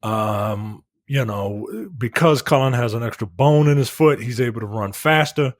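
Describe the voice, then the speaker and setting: A man's voice: mid-range voice, normal speed, dry recording, clean studio sound. A man co-hosting a casual movie review chat, retelling scenes with profane jokes and acting out the characters' lines. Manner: profane, joking. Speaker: podcast co-host.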